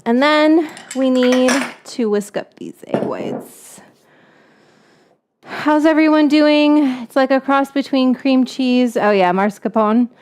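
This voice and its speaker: A woman's voice: sits high, slow pace, darkish tone, slight background noise. A woman hosting a casual cooking livestream, chatting playfully while she whisks and stirs, often joking at her own expense. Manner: playful, chatty, self-mocking. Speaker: cooking show host. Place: home kitchen.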